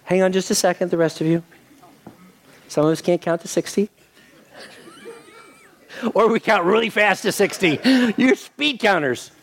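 A man's voice: high voice, normal speed, vocal fry, pauses often. An older man preaching a sermon as pastor, telling a story with acted-out quotes and leading a prayer. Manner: animated storytelling with voiced quotes, then soft prayer.

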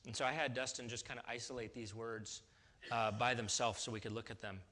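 A man's voice: medium pitch, fairly even intonation, a little fast, pushed and bright. A man preaching a sermon in a casual, conversational way, with restarts and sudden emphatic rises. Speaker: pastor.

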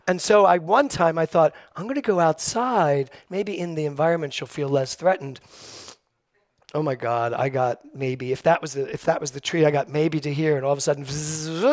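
A middle-aged man preaching a Sunday sermon, telling personal stories with lively, acted-out quotes. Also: on the high side, normal speed, dry recording, studio quality. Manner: storytelling, animated, acts out quoted voices. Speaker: minister. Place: church sanctuary.

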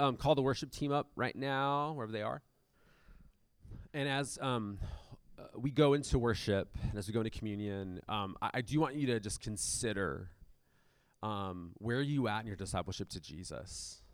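A man's voice: medium pitch, expressive, normal speed, smooth, no room sound, studio quality. A man preaching a conversational sermon as pastor of a church, with many fillers and restarts.

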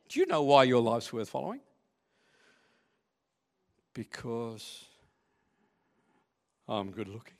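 Animated pastor in an echoey hall. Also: male voice, high voice. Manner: chatty, joking asides to the congregation. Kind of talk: sermon. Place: church hall.

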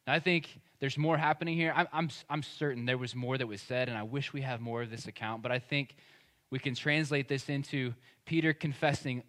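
A man's voice: medium pitch, fairly even intonation, a little fast, fairly bright tone. A man, preaching a sermon as pastor in a conversational, emphatic way. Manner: conversational and emphatic, acting out quoted speech.

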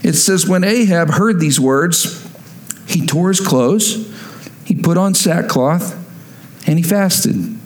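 A male pastor preaching a sermon, building from a calm teaching tone to loud, emphatic peaks. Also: on the high side, slow, reverberant, rough recording.

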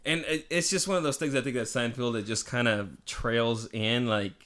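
A man's voice: mid-range voice, fairly even intonation, normal speed, fairly bright tone. A man chatting casually, rambling with many fillers and restarts as he retells TV scenes. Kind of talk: casual chat.

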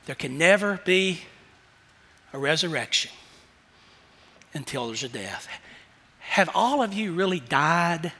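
A man preaching a sermon, moving from hushed questions to loud, shouted emphasis. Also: a little high, animated, slow, long pauses. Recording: long hall reverb.

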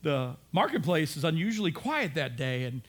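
A man preaching a sermon, telling the story in an animated way, acting out voices and rising to shouts. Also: a little high, moderate pace. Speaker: pastor.

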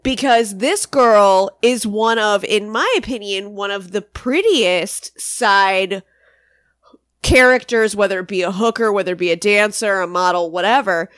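A woman co-hosts a podcast and talks through a sitcom episode in relaxed, emphatic chat. Her voice sits at an ordinary pitch, and the recording is dry and close, with no room sound. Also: measured pace, dry recording. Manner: chatty, emphatic, swears casually. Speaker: podcast co-host.

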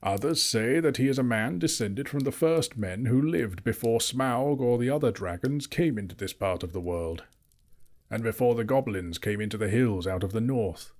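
A man's voice: medium pitch, animated, moderate pace, darkish tone, lightly acted. Gandalf, a man voicing a stern old wizard. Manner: emphatic, lecturing. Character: old male wizard, stern and easily cross.

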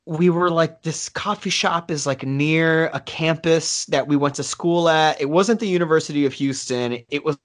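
A man's voice: on the high side, normal speed, few pauses. A man co-hosting a casual podcast, rambling through a long story with many fillers and swearing. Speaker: podcast co-host. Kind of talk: casual chat.

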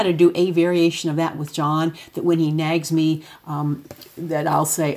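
A middle-aged woman with a deep, husky voice tells loose, chatty stories about parenting. She talks to an audience as she moves through photos, sometimes acting out her son's lines. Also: little pitch movement, normal speed, a little mellow. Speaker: parent giving a talk. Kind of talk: casual spoken talk with photos.

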